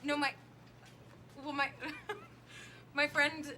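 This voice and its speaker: A woman's voice: high voice, level tone, very slow. A woman heckling from a comedy club audience, indignant and giggly, cutting in and picked up off-mic from the crowd. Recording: distant crowd pickup with loud noise.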